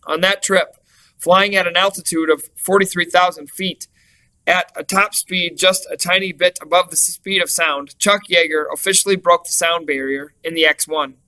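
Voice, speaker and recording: A man reading a lesson text aloud in a clear, steady way, with the odd small self-correction. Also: sits high, normal speed, rough recording. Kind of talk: read-aloud lesson narration.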